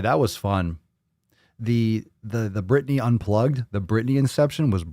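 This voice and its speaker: A man with a fairly low voice hosts a casual live stream and chats with his viewers. He jokes loosely and swears freely as he reads their comments. His voice sounds dry and close, with little room sound. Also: a little mellow, dry recording. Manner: loose, profane and joking, reading chat aloud.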